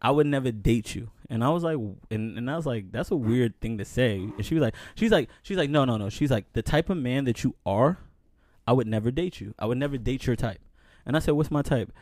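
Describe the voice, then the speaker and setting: A young man with a medium-pitched, expressive voice and a darkish tone talks briskly as a podcast co-host, telling stories in casual chat. He keeps repeating "man, listen" and "you know what's so crazy" as he gets going. The studio recording is clean, with no room sound.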